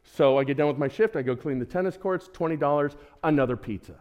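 Man, 60s, preacher, sermon storytelling, somewhat high voice, animated, acts out dialogue. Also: fast talker. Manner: animated, acts out his own prayers and dialogue.

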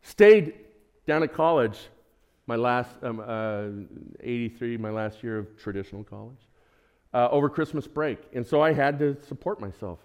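A man's voice: medium pitch, normal speed. A man in his sixties preaching a sermon, telling a personal story and acting out his own prayers and conversations. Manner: animated, acts out his own prayers and dialogue.

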